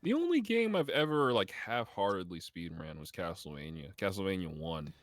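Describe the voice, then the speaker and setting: Low-voiced, self-mocking male streamer guest. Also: sing-song, normal speed, no room sound, clean studio sound. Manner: self-deprecating, wry, laughs at himself. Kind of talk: casual interview chat. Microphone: video call.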